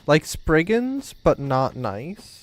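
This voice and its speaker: A man streaming a game, talking in a high voice with big swings in pitch. He speaks at an unhurried pace, rambling and teasing his chat in loose, joking commentary. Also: sing-song. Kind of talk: casual gameplay commentary.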